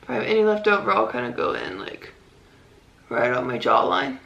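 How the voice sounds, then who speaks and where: A woman's voice: rumbling low, sing-song, brisk, vocal fry, fairly bright tone, muffled recording. A young woman chatting casually through a makeup tutorial, full of "like"s and "um"s. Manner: chatty, many "like"s and "um"s, self-deprecating. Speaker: beauty vlogger.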